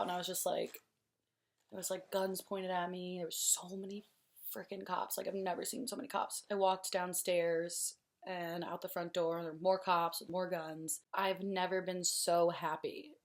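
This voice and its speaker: A young woman vlogger telling a personal story in an emotional, rambling way, full of fillers and swearing. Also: fairly low pitch.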